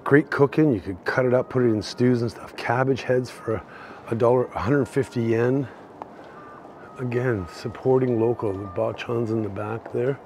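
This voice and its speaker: A man's voice: medium pitch, a little mellow, a little hiss or hum. A man from Canada with a Canadian accent, a bit tipsy, rambling to viewers as he hosts a live-streamed walking tour outdoors. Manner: rambling, chatty, talks to chat viewers while walking. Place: outdoor city shopping street.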